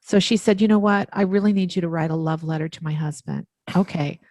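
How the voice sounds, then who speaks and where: A woman guest tells stories with bubbly enthusiasm and acts out the voices of the people in them. Her voice sits a little low and sounds dry and close to the mic, with no room echo. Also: brisk. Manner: animated, enthusiastic storyteller acting out dialogue. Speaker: author and letter writer, guest. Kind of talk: interview storytelling.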